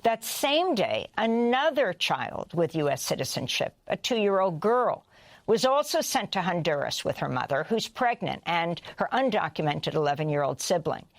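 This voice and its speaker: A woman's voice: lowish voice, big pitch swings, dry recording. Woman reading a news report. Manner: measured, formal delivery. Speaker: news anchor. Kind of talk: read broadcast news report.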